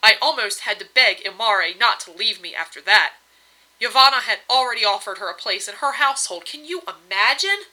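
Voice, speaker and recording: A woman reading aloud, voicing a regal goddess wife who is doting but reproachful, in a bright voice. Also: mid-range voice, lively intonation, a little fast, rough recording. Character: regal goddess wife, fussy and sweetly demanding.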